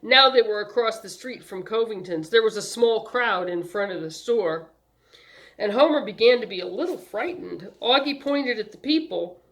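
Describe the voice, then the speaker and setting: A woman narrating a novel chapter aloud in a calm, measured way. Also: mid-range voice. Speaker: storyteller. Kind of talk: audiobook narration.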